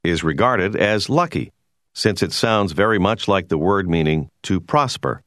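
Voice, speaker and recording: A man giving a scripted, measured narration for a language course. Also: sits low, lively intonation, a bit bright, no echo, clean studio sound. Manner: measured, explanatory.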